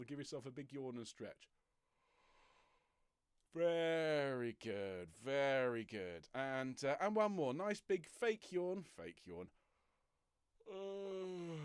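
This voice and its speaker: A man leading an online choir warm-up from home, giving step-by-step breathing and stretching instructions with an encouraging, jokey manner. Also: medium pitch, no room sound, clean studio sound. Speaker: choir leader. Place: home room, traffic passing outside.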